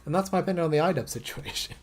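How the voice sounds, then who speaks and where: A woman's voice: deep voice, animated, very fast, darkish tone, soft background music. An English woman ranting and joking crudely on a casual livestream, swearing freely. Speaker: streamer.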